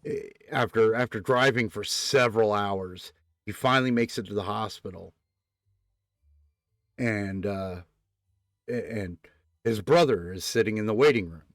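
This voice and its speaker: A man with a fairly low voice hosts a casual late-night stream, chatting in a rambling, hesitant way with lots of filler words. The sound is dry and close, with no room around it. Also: unhurried, long pauses, no room sound. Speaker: streamer host.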